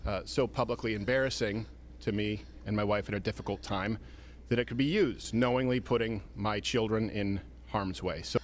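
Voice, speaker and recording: A man giving a measured public statement, halting with fillers. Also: lowish voice.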